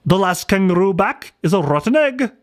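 A man's voice: high-pitched, very animated, normal speed, voice pushed up. A man doing a posh, bouncing kangaroo chap. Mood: chummy. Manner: plummy, upper-crust. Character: posh, snobbish male kangaroo.

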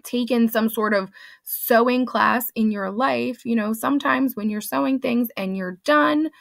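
Woman teacher, casual lesson, gravelly fry, dry and close, chatty paraphrasing. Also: on the high side, a little slow, dry recording. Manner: chatty, paraphrases characters in a loose everyday voice. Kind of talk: casual lesson summarizing a play.

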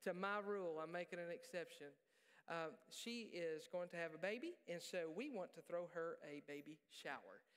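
A male pastor preaching a sermon in a church, joking and animated, poking fun at himself. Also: fairly high pitch, normal speed, clean tone. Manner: joking, animated, self-deprecating. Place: church sanctuary. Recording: reverberant church hall.

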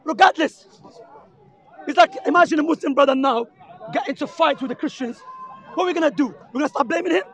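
A man's voice: very high-pitched, quick pace, pauses often, a bit bright. A man with an Arabic accent, preaching heatedly and insistently to a crowd outdoors in a public park, repeating his points. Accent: Arabic-accented English. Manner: impassioned, insistent, repeats himself. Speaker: street preacher debating a crowd. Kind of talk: heated street debate.

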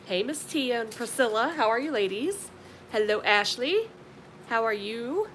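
A woman's voice: lively intonation, unhurried, fairly bright tone. A woman, chatting casually on a live stream and greeting viewers with affectionate pet names. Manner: chatty, affectionate, calls viewers honey and sweetie. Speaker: live-stream beauty vlogger. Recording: noisy with low rumble.

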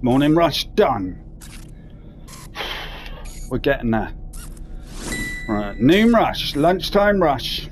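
A man's voice: medium pitch, very animated, drawn-out words, long pauses. A man giving casual, sweary commentary while playing a VR game and talking to himself. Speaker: gaming commentator. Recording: clear background noise.

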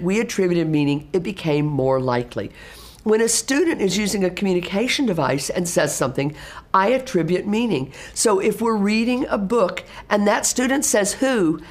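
A middle-aged woman, an assistive technology specialist, explaining teaching practice in a lively way and acting out classroom exchanges. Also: mid-range voice. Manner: animated, acts out classroom exchanges in exaggerated teacher voices.

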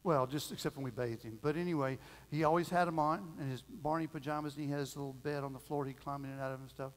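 A middle-aged man preaching a sermon as pastor, telling a family story in a folksy, animated way and acting out the voices. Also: on the high side, fast talker. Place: church sanctuary. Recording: long reverb of a church hall.

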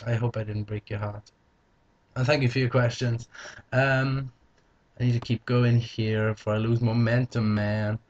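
A young man chats on his vlog, answering viewer questions with a playful, joking edge. His voice sits at an ordinary middle pitch for a man. The recording sounds a little dull and lo-fi. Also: level tone, moderate pace, a little mellow. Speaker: vlogger.

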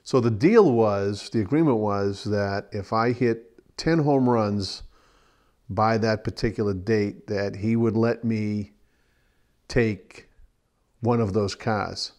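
Male interviewee, slow and deliberate, somewhat low voice, hesitant. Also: a little mellow. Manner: hesitant, searching for details. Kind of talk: storytelling interview.

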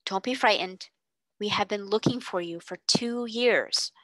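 A woman reading aloud, voicing a big, kind fatherly man who questions gently and encouragingly. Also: mid-range voice, a little slow, no room sound, lightly acted, low-quality recording. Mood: gentle.

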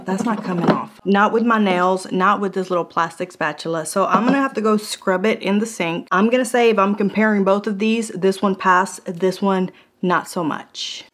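A woman's voice: medium pitch, normal speed, a bit bright. Woman vlogger, playful casual talk while cooking at home. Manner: playful, joking, laughs often. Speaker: product reviewer. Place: home kitchen.

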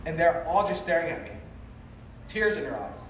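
A man with a high voice tells a revival testimony and acts out the people in his story. He sounds far from the mic, and his voice rings through a very echoey hall with faint room noise behind him. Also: lively intonation, moderate pace. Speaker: revival preacher giving testimony. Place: large revival meeting hall.

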